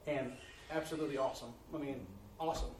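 A man preaching a testimony sermon in a church, telling his story in an animated way and laughing along the way. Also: mid-range voice, quick pace, a little hiss or hum. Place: church sanctuary. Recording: roomy church audio from a distance.

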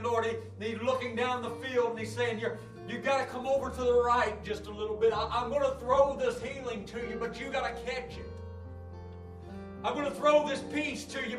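A high-voiced man pours out a fervent church prayer, stacking up invocations and building to shouts. He sounds distant and roomy, and guitar music plays behind him. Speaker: preacher. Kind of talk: sermon prayer. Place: church sanctuary. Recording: echoey church from far off with music.

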